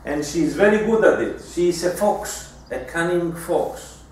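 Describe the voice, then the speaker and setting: A man giving a lecture in a deliberate style, often restarting his sentences. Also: fairly high pitch, animated, darkish tone, a little hiss or hum. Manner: deliberate, with frequent restarts and fillers. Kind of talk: recorded lecture. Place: lecture room. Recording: echoey room, mic far off.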